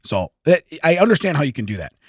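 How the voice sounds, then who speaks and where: A man's voice: fairly high pitch, big pitch swings, a little mellow, husky, no room sound, clean studio sound. A man in his forties co-hosting a podcast, reading news items aloud and laughing often as he stumbles over the text. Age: 40s. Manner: laughs often, reads haltingly. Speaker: podcast co-host. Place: podcast studio.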